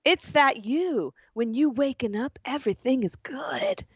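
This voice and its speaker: A woman voicing a polite female stranger who speaks in halting, broken English. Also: high voice, expressive, slightly rough, no room sound, muffled recording, pitched above the performer's own voice, exaggerated voice. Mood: chatty. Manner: halting, broken, formal phrasing.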